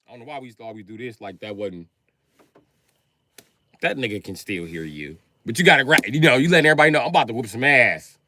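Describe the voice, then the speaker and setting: A male comedian telling profane comic stories in a live monologue, acting out both sides of conversations and breaking into loud shouts. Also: very animated, fast talker, pauses often. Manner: jumps to loud high shouts when acting out scenes.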